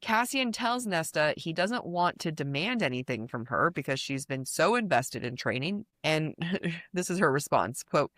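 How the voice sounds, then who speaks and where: Female podcast co-host, casual book talk, low and expressive, dry mic. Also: no room sound. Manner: animated, teasing, quick asides.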